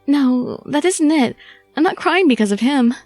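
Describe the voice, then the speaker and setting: A woman voicing a gentle, earnest young woman who speaks in a pleading, tender way. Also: high-pitched, expressive, normal speed, dry recording, faint music behind, voice pushed up.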